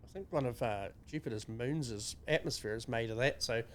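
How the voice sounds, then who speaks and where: A man's voice: mid-range voice, brisk, slight background noise. A man co-hosting a podcast, ranting sarcastically and swearing freely in casual banter. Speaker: podcast co-host.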